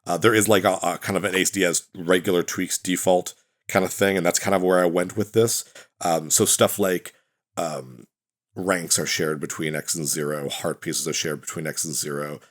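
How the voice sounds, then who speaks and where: Rambling low-voiced male game commentator. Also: steady tone, moderate pace, a bit bright. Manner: rambling, filler-heavy, self-correcting. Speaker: gaming channel host. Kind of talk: casual let's-play commentary.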